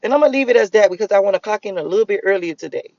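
A man's voice: high voice, expressive, very fast, dry recording. A man rambling through a solo vlog monologue, leaning on "like" and restarting his sentences. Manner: musing, repeats "like" often, restarts sentences. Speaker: vlogger. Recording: dull lo-fi dry recording.

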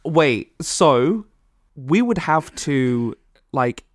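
A podcast co-host from Malawi chatting casually, rambling and quick to laugh. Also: mid-range voice, expressive, dry recording, clean studio sound. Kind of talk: casual chat.

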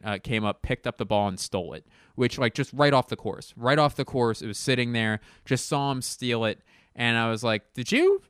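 Man, young adult, podcast host, rambling comic monologue, profane, self-deprecating, smooth voice, dry close mic. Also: medium pitch, a bit bright, no echo. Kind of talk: casual comedic monologue. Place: at home, in a bedroom.

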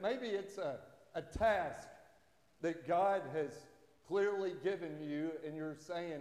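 A man's voice: a little high, darkish tone. Man, pastor, chatty sermon, echoey room. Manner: conversational, halting restarts, acts out quoted voices. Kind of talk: sermon with jokes and stories. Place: church sanctuary. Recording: echoey church hall with long reverb.

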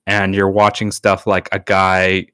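Here a podcast co-host rambles through casual chat, stuffing it with filler words. He has a low, clear, resonant voice with a sharp tone, yet his delivery is completely flat and measured in pace. The sound is clean studio audio with no room echo.

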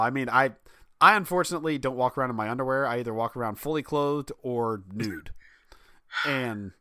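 A man with a medium-pitched voice talks fairly quickly, with no echo on the recording. As a podcast co-host and father, he chats casually and comedically, spinning family stories with animation and lots of laughter.

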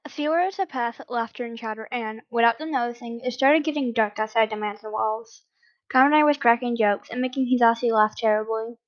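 A woman reading fan fiction aloud in a plain, steady way with small slips. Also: a little high, a little fast. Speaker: reader. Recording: dull lo-fi recording.

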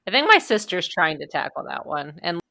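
A woman co-hosting a podcast in casual chat, animated and emphatic, laughing easily. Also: on the low side, a little fast, gravelly. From United States.

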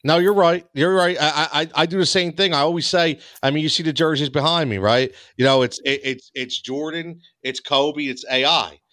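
A man's voice: fairly high pitch, brisk, hardly any pauses, sharp tone, no room sound. A man hosting a casual sports podcast, loose and joking, with frequent stammers. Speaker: podcast host.

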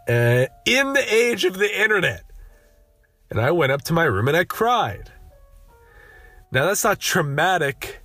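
Slow, profane, sardonic young man. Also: on the high side. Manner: sardonic, profane, deadpan ranting with frequent restarts. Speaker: podcast host. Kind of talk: rambling solo podcast monologue.

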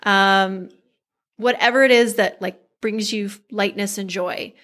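Calm reassuring woman giving advice. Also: medium pitch, a little slow. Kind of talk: casual chat.

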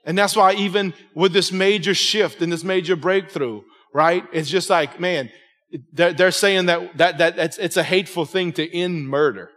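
A man's voice: high-pitched, normal speed, a bit bright, in a large hall. A man in his forties preaching a sermon to his congregation, emphatic and conversational, often checking in with "right?". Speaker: pastor. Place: church sanctuary with congregation.

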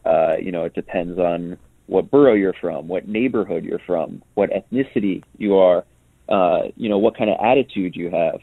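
Guest, male, very low voice, halting with lots of ums, dry tinny phone line. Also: dry recording. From New York. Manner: hesitant, many ums and restarts. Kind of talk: casual interview answers.

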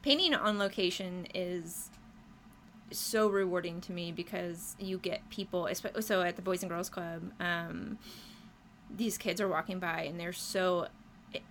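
A woman's voice: fairly low pitch, steady tone, measured pace, fairly bright tone, slight background noise. A woman who paints murals, talking casually and enthusiastically in an interview, with many fillers and frequent laughter. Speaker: muralist guest.

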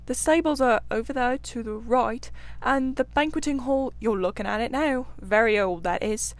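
A woman voicing a good-natured, cheerful male water rat in a storybook reading, talking briskly and warmly. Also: fairly high pitch, dry recording, lightly acted. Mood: fond.

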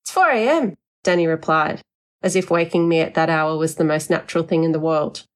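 Female audiobook narrator, first person, wry and expressive; lowish pitch. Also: a little fast.

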